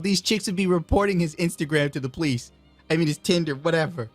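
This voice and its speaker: A man's voice: on the high side, expressive, fast, a bit bright, no echo, soft background music. A man giving casual reaction commentary, laughing in disbelief and reading messages aloud in mocking put-on voices. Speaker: streamer reacting to dating-app messages.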